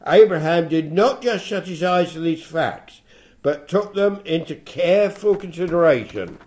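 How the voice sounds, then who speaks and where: Mellow-voiced man teaching a Bible study. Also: fairly high pitch, animated. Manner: reads scripture slowly, then talks off the cuff with fillers and restarts.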